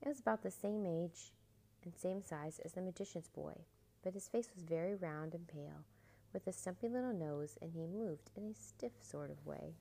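Woman storyteller, low warm gravelly voice, storybook read-aloud. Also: moderate pace, low-quality recording. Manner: expressive, animated storytelling.

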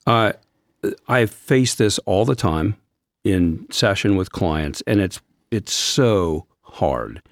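A man with a notably low voice talks in an earnest, gentle way on a faith podcast. His close mic is dry, with no room sound. He slows down when a point moves him. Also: expressive, no echo. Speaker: Christian counselor and podcast co-host. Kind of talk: reflective faith discussion.

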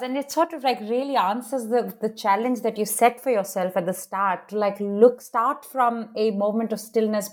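A woman's voice: medium pitch, a little mellow. A woman interviewing a guest, speaking casually with fillers like "sort of" and "like". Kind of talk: interview questions.

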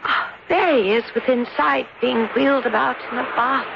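A woman's voice: high voice, moderate pace, gravelly. An actress playing a delicate, melancholy young woman who speaks wistfully and fragilely, in a muffled old radio recording with hiss. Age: young adult. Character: delicate, pale, melancholy young lady in mourning. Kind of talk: 1940s radio acting.

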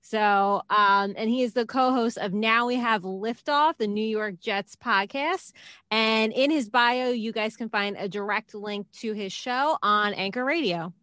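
A cheerful woman co-hosting a podcast, giggling as she chats. Her voice is bright and forward, recorded on a close, dry mic. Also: a little high, measured pace, clean tone, dry recording. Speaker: podcast co-host. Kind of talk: casual sports podcast chat.

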